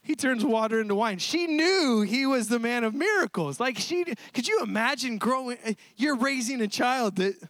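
Male pastor, sermon, high voice, dry close sound, animated, laughs a lot. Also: moderate pace, few pauses, no room sound. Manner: animated storytelling, laughs often between lines.

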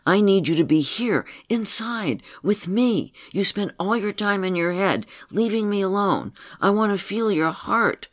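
A man's voice: high voice, expressive, measured pace, hardly any pauses, a bit bright, dry recording, pitched above the performer's own voice. A man role-playing a client's angry, lonely inner little girl, hurt and accusing, in a story he reads aloud.

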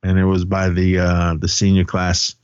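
A man's voice: low-pitched, completely flat delivery, moderate pace, smooth, no room sound, muffled recording. A man co-hosting a podcast, recapping a film in casual chat, acting out lines loosely and laughing often. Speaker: podcast co-host.

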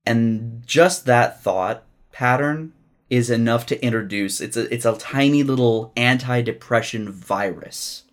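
A man's voice: mid-range voice, measured pace. A young man co-hosting a podcast, talking candidly and casually, swearing freely and restarting his sentences. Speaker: podcast co-host.

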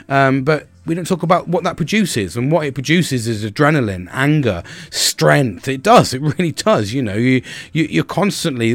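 A man's voice: mid-range voice, dry recording. A middle-aged man hosting a podcast, talking candidly and bluntly in a casual monologue, swearing often and repeating words as he starts sentences. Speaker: podcast host.

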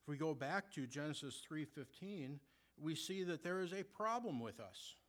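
A man preaching a sermon who asks his listeners rhetorical questions and reads scripture slowly and deliberately. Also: on the high side, animated, a bit bright.

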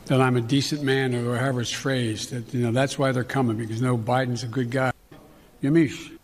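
An older man answering reporters at a press conference in a halting, folksy way. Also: medium pitch, little pitch movement, slight background noise. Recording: clip from a reverberant hall.

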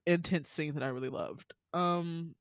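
A woman chatting casually as a podcast co-host, recapping a TV drama in a lively way and acting out the characters' lines. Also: low-pitched, unhurried, clean tone, no room sound. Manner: animated, acts out character lines.

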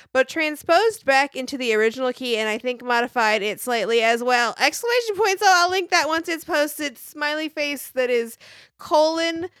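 A woman's voice: sits high, a bit bright, no echo, clean studio sound. A woman co-hosting a casual podcast, joking, swearing freely and reading a fan's video description aloud, punctuation included. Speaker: podcast co-host. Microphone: mic on a stand.

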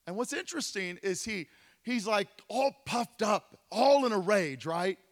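A fervent pastor preaching and telling a story to his congregation, rising to shouts. His voice sits strikingly high for a man. The church hall answers with a long, ringing reverb. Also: expressive, unhurried. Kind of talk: sermon. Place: church sanctuary.

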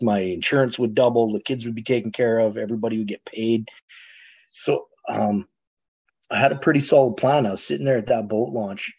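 A man's voice: fairly low pitch, warm tone, slightly rough. A middle-aged man from Canada telling his recovery story in an earnest, frank way. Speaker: guest speaker sharing recovery story. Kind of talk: personal testimony.

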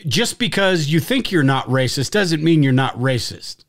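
A man's voice: on the high side, expressive, moderate pace. Blunt, swearing male stream co-host. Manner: blunt, frequent restarts and swearing. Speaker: podcast co-host. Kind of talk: casual live-stream chat.

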